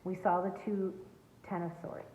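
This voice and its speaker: A woman's voice: lowish voice, flat delivery, normal speed, dark tone, a little hiss or hum. A woman giving an earnest, emphatic tarot reading to her viewers from home. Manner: earnest, emphatic, spiritual coaching tone. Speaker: tarot reader. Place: home, near a backyard. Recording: echoey, tinny phone-like sound.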